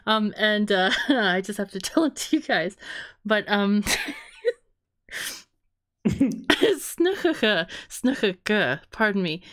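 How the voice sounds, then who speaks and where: A woman's voice: mid-range voice, a little slow, fairly bright tone, no echo. A woman co-hosting a podcast in casual chat, laughing often as she talks. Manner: laughs often, giggly and chatty. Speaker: podcast co-host.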